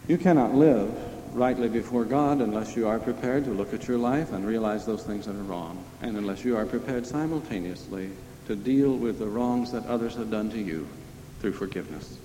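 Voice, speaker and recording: Male preacher, chatty but emphatic sermon, mellow voice, roomy echoey church sound. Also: fairly low pitch, normal speed, a little hiss or hum. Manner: conversational, emphatic, asks the audience questions. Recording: echoey hall with long reverb.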